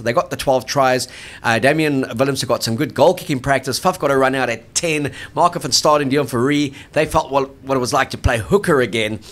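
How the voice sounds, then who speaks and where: A man co-hosting a rugby podcast in casual sports chat, emphatic and quick to laugh. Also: mid-range voice, a bit bright.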